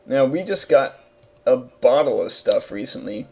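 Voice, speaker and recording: A man's voice: medium pitch, expressive, measured pace, creaky, darkish tone. A young man hosting a let's play, giving rambling, casual commentary full of fillers. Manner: rambling, laughing, filler-heavy.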